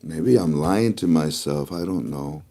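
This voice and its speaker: A man's voice: extremely low pitch, measured pace, dark tone. A man giving a rambling, emotional monologue to camera as a video blogger, often breaking into laughter.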